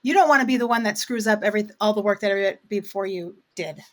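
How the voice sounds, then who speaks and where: A woman coffee roaster talks in a loose, conversational way as an interview guest. She explains at length, dotting her sentences with "um" and "you know". Her voice sits at an ordinary middle pitch. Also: very fast, a bit bright. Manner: chatty and explanatory, frequent fillers. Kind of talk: casual interview chat.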